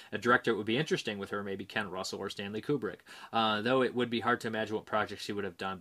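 A man with a somewhat low voice hosts a casual movie review show. He reads viewer comments aloud and rambles between them, hesitant and full of fillers and restarts. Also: pushed and bright. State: dry mouth.

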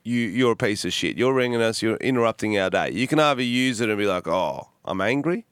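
Man, podcast co-host, loud, swears a lot, smooth voice, dry mic. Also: on the low side, quick pace, dry recording. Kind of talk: casual chat. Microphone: headphones and studio mic.

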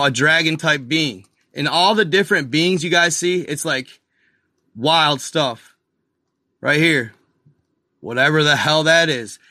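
Excitable man narrating to viewers. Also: on the high side, dry recording, studio quality. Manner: addresses viewers as y'all, excited and incredulous. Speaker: video host. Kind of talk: casual screen-share commentary.

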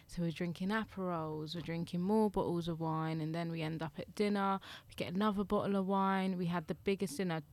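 A young woman, telling stories in casual chat, animated and swearing freely. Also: on the low side, fairly quick, few pauses, dry recording. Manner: swears a lot, animated storytelling with acted quotes.

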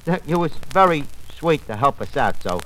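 A man playing a fast-talking tavern manager who mangles big words in a 1940s radio comedy. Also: a little high, big pitch swings, bright, forceful tone. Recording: noisy old radio broadcast.

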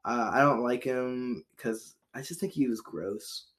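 A man's voice: medium pitch, a little slow, a bit bright. A man co-hosting a casual podcast, reading out history facts in a loose, joking way with frequent laughs and swearing. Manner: laid-back, reads date facts, swears, laughs often. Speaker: podcast co-host.

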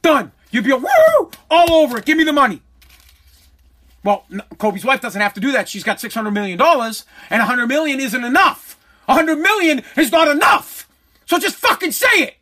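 A man's voice: extremely high pitch, animated, a little fast, bright, forceful tone. A man ranting angrily, profane and repeating himself as he hammers each point home. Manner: heated, profane, repetitive. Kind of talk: angry rant.

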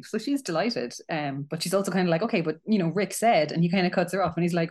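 A woman's voice: fairly low pitch, expressive, fairly quick, hardly any pauses, a little mellow. A woman co-hosting a podcast, chatting casually as she recaps a TV episode, giggling often and acting out the characters' lines. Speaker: podcast co-host.

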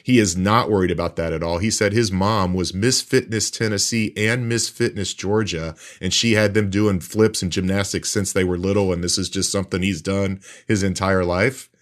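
A man, a sports reporter co-hosting a podcast, casually retelling a player's story and laughing easily. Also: low voice. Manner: relaxed, quick to laugh, retells what players told him.

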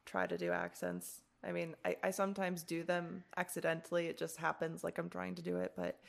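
Rambling, heavily gravelly woman host. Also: fairly low pitch, level tone, a little fast. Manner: loose, rambling, self-deprecating, curses casually. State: relaxed and a bit stoned. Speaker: podcast host. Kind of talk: casual podcast chat.

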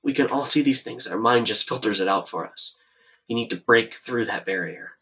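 A man voicing an eccentric, haunted woman mentor in a tabletop game, speaking in a hushed, coaxing way. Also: medium pitch, normal speed, slightly rough, low-quality recording.

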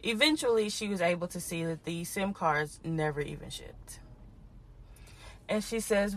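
A woman podcast host telling a frustrating story in a casual, animated way, talking straight to her listeners. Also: on the low side, a little slow. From Houston. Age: adult parent.

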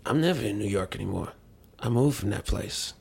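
A man hosting a podcast, chatting casually in a lively, joking, excitable way. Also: fairly low pitch, a little fast, vocal fry, slightly rough. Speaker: podcast host. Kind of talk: casual chat.

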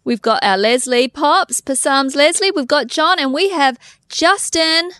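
A woman's voice: high-pitched, a little slow, bright, forceful tone, no echo. A woman co-hosting a podcast, bubbly and teasing as she introduces the team. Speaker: co-host. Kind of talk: casual chat.

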